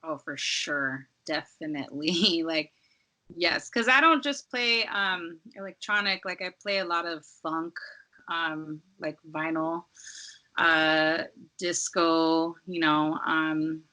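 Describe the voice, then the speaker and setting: A woman from Los Angeles, a DJ, chatting casually as a podcast guest in a relaxed, rambling way full of "like" and "um.". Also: low-pitched, slow. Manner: relaxed, rambling, heavy use of "like" and "um".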